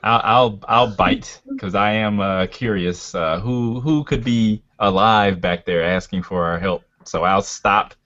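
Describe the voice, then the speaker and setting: Deep-voiced man playing a tabletop game. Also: measured pace, hardly any pauses, a bit bright. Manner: hesitant, full of uhs. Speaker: player. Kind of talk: in-character tabletop play. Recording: lo-fi audio.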